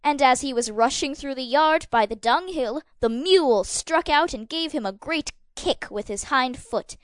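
A woman narrating a fairy tale for an audio drama in a measured, expressive reading. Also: high voice, no room sound, clean studio sound. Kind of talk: scripted storybook narration.

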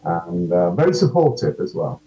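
A man's voice: sits low, sing-song, moderate pace, warm tone, faint music behind, low-quality recording. A man, an actor guest, chatting casually in an interview, self-deprecating and full of ums.

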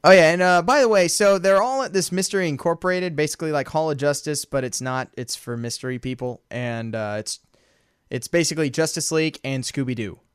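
Guy cohosting a chatty podcast, kinda high voice, laughs a lot recapping scenes, dry close sound. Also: fairly quick, clean tone, dry recording. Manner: laughs often, recaps scenes with animated retellings. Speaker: podcast co-host. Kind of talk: casual chat.

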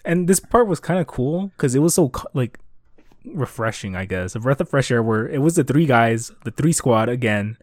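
A man's voice: moderate pace, dry recording, clean studio sound. A man co-hosting a casual podcast, recapping anime episodes in a chatty way full of filler words. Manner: chatty, lots of likes, jumps to higher pitch when excited. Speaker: podcast co-host.

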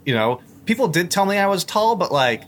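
A man's voice: high voice, sing-song, brisk, slight background noise. A young man, a podcast guest, talking in a loose, rambling way with lots of fillers and restarts. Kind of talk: casual chat.

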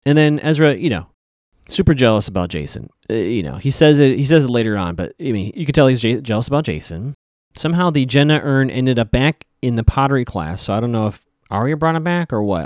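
Animated man in a chatty recap. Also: medium pitch, fairly quick, no echo, studio quality. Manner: chatty, wry asides, many fillers. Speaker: podcast host recapping a TV episode. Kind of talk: casual episode recap.

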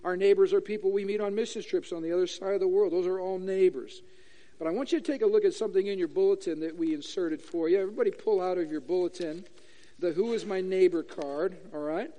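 A man's voice: high voice, quick pace, big-room sound. A man preaching a sermon to a church congregation, acting out questions in different voices. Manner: animated, acts out questions in voices. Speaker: pastor. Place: church sanctuary.

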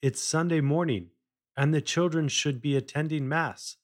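A man voicing a polite, determined young boy who speaks calmly. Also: a little high, moderate pace, close to an everyday voice. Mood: polite, firm. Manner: polite, calm.

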